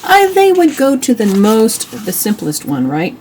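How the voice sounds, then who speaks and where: A woman's voice: a little high, wildly swooping pitch, measured pace, darkish tone. Woman, middle-aged, homeschool host, casual show-and-tell, admiring, chatty asides, faint background noise.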